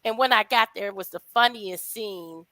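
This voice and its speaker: Casting: a woman talk show guest, chatty and laughing, bright and dry, a bit high. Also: normal speed, dry recording. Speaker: guest friend. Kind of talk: casual chat.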